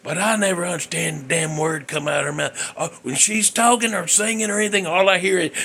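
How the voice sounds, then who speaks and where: A man with a high, sharp voice and some vocal fry speaks briskly while hosting his own show. In a comedic storytelling monologue, he recounts a dream in a rambling, folksy, exasperated way.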